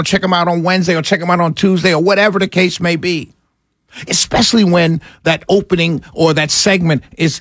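A high-pitched man hosting live talk radio, excitable and frustrated, swinging between heated rants and calming himself down. His voice sits close and dry on the mic, with no room sound around it. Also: no room sound. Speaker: radio talk show host.

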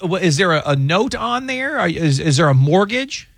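A chatty man hosting a call-in radio show, his voice pitched a little above most men's. He often trips over his words and gets emotional. The studio sound is close and dry. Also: big pitch swings, normal speed, dry recording. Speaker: radio show host and lawyer.

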